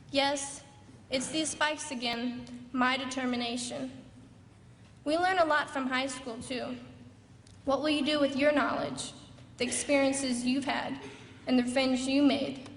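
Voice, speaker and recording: A young woman in her late teens giving a prepared graduation speech in an earnest, building pep-talk manner. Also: high voice. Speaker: graduating student speaker. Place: large graduation ceremony hall. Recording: echoey hall recording from far off.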